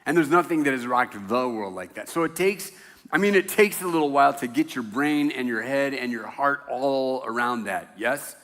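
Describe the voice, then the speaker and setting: A man's voice: medium pitch, animated, moderate pace, fairly bright tone. An older man, a pastor, giving a casual, rambling sermon full of stories and laughter, recorded in a church. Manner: rambling, self-interrupting storyteller who laughs at his own stories. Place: church sanctuary. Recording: church hall reverb.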